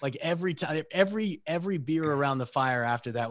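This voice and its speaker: Animated man telling war stories. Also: fast talker, few pauses, no room sound. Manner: animated storyteller, swears freely, voices comrades in a high excited pitch. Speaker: podcast guest, military veteran. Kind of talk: casual storytelling.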